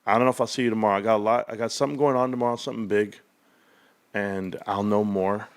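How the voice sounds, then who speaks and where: A man's voice: lowish voice, steady tone, quick pace, clean tone. A middle-aged man chatting casually with his livestream viewers, rambling and calling them bro. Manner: rambling, talks to viewers as bros. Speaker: stock market YouTuber.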